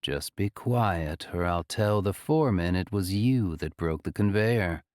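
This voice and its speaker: A menacing man murmuring threats in a low, hushed voice in an audiobook. The narrator acts him out slowly and quietly, recorded dry and close. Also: expressive, dry recording. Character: menacing male abuser, whispering in the dark.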